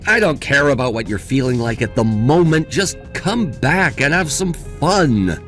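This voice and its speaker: A man voicing a mocking young groom, with soft music under him. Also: mid-range voice, expressive, unhurried, lightly acted. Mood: dismissive. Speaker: voice actor in a story video. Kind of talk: scripted voice acting. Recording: faint background music.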